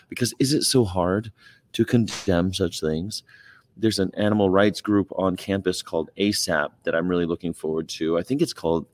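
A man with a low-pitched voice, captured in a dry recording, hosts a casual livestream. He rambles, greets viewers, and reads their comments aloud.

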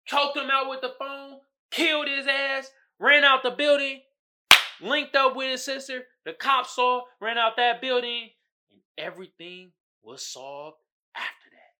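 Recapping a horror film and reading memes, this podcast host has a very high-pitched voice and an unhurried delivery. His monologue is casual and animated, full of free swearing and loud shouted impressions.

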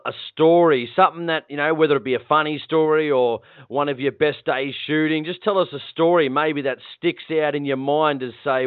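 A man's voice: mid-range voice, dry recording. An Australian man hosting a casual interview, asking loose, friendly questions with restarts. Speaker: podcast host. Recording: tinny phone-like line, dry.

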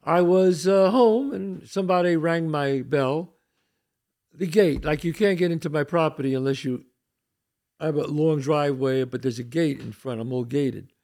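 Gravelly animated older man storyteller. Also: on the high side, moderate pace. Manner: streetwise, animated storytelling with frequent asides. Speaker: podcast host. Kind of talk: casual storytelling monologue.

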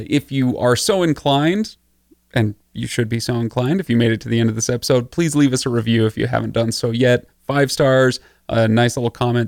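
A man's voice: mid-range voice, gravelly, dry recording. Easygoing male podcast co-host, dry sound. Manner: easygoing, wraps up with plugs. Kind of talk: casual podcast chat.

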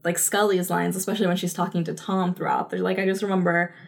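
A woman's voice: fairly low pitch, little pitch movement, fast, vocal fry. A woman in her thirties co-hosting a podcast, chatting casually about a TV episode with lots of fillers and laughter. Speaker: podcast co-host. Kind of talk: casual chat reviewing a TV episode.

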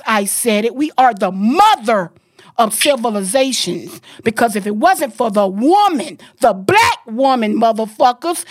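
A woman's voice: a little high, no echo, studio quality. A middle-aged woman from Florida, hosting a podcast and ranting angrily with heavy profanity. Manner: angry, profane, emphatic ranting. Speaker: podcast host. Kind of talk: heated podcast rant.

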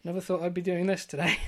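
A woman co-hosting a comedy podcast, deadpan and mock-serious, with hesitant fillers as she argues a far-fetched theory. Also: lowish voice. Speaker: podcast co-host.

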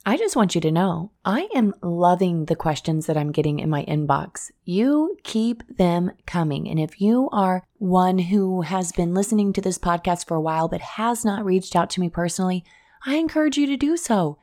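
A woman's voice: fairly low pitch, animated, moderate pace, warm tone. A woman hosting a podcast, talking in an earnest, encouraging way straight to her listeners. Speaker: podcast host. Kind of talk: casual podcast monologue.

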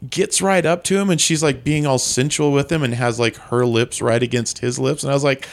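A man's voice: mid-range voice, fairly even intonation, fairly quick, vocal fry, hardly any pauses. A man in a casual conversation about movies, making wry, laughing remarks and mock-disgusted asides.

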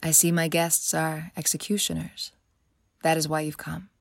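A woman voicing a proud, icy female vampire healer who talks in a cool, unhurried, imperious way. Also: sits low, completely flat delivery, creaky, no echo, clean studio sound.

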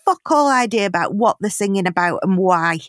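A woman's voice: mid-range voice, brisk, no echo. British woman on a comedy podcast, chatty storytelling, swears a bit, dry close mic. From Britain. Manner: animated storytelling, swears freely. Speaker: podcast co-host. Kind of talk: casual comedic chat.

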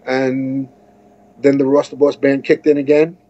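An American man, a musician guesting on an interview, tells a long story that rambles with many restarts and asides. His mid-range voice is level, measured and dark, and the audio sounds dull.

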